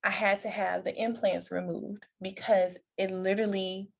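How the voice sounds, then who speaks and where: A woman guest on a podcast telling a personal story in conversation, lively, acting out the voices of others and laughing often. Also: moderate pace, creaky. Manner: animated, acts out quoted voices with big pitch jumps.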